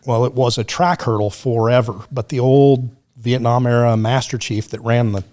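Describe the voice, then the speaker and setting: A man telling a story on a podcast in a casual, profane, animated way, acting out what others said. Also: medium pitch, moderate pace. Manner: profane, animated storyteller who acts out quotes.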